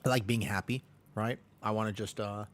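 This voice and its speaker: A man's voice: fairly low pitch, fairly even intonation, brisk, fairly bright tone. A man with a Midwestern American accent chatting casually with viewers while he plays, upbeat and joking, often breaking into laughter. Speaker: streamer. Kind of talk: casual live-stream chat while gaming.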